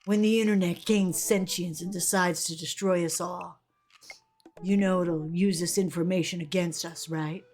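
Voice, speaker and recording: A woman's voice: lowish voice, steady tone, normal speed, darkish tone. A woman streamer giving casual commentary on a game, laughing often and reading chat aloud.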